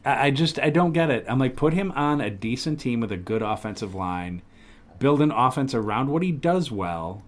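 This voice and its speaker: A man co-hosting a casual podcast chat, animated and profane, slipping into goofy mock voices. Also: medium pitch, normal speed. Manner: animated, swears freely, goofy mock accents. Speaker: podcast co-host.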